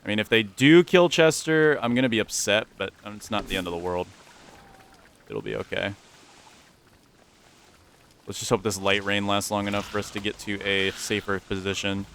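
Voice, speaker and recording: A man's voice: fairly low pitch, little pitch movement, normal speed, long pauses, sharp tone, a little hiss or hum. A man giving casual, self-mocking running commentary while playing a survival game. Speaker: gaming YouTuber. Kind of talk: casual let's-play commentary.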